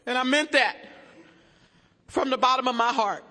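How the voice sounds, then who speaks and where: A woman's voice: high voice, normal speed, pauses often, sharp tone. A woman on stage telling her recovery story to a meeting, emotional and blunt, joking with the audience into a stage mic. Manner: banters with the audience. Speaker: recovering alcoholic speaker at a meeting. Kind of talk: personal recovery testimony. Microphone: stage microphone. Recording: echoey hall with long reverb.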